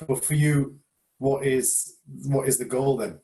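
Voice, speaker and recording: With a mellow, mid-range voice and measured pace, an English karate instructor shares a story during a casual chat over a beer. His telling is thoughtful and hesitant, with repeated words.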